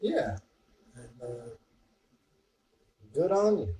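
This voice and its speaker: A man's voice: mid-range voice, big pitch swings, drawn-out words, warm tone, recorded from a distance, slight background noise, poor audio. A man co-hosting a casual podcast with a middle-range voice, mostly reacting and asking short questions. He sits a bit away from the mic. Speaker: podcast co-host. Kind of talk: casual chat.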